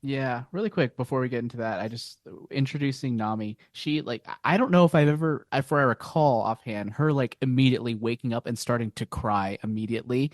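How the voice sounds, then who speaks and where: A man's voice: mid-range voice, a little fast, few pauses, no echo, studio quality. A man on a podcast panel, musing easily through his thoughts with lots of fillers. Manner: easygoing, musing, with many fillers. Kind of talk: casual podcast chat.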